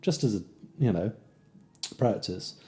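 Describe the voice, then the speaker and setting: This man's voice is lowish and dark-toned, expressive, and delivered at a measured pace. Speaking with a British accent, he leads a casual jazz guitar lesson, counting beats and scatting rhythms as he shows them, with guitar played between phrases.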